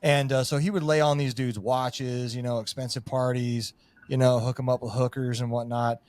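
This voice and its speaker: A middle-aged man in a relaxed podcast conversation, rambling and swearing as he goes. He leans on fillers like "you know" and "like", and the recording is dry, with no room sound. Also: mid-range voice, normal speed, no room sound. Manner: rambling, profane, full of fillers. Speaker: podcast guest, former Marine Raider.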